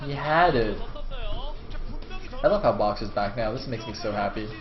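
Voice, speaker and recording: A man casting a video game match live, excitable and swearing freely, breaking into laughing shouts. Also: lowish voice, moderate pace, music in the background. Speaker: esports caster. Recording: echoey room, dull lo-fi sound.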